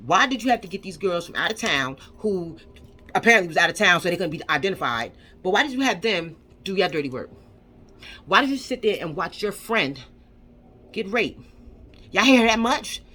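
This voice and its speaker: A woman's voice: fairly low pitch, big pitch swings, fairly quick, bright, forceful tone, breathy edge. A woman vlogger ranting angrily, swearing and firing off rhetorical questions with lots of repetition. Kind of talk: angry commentary rant.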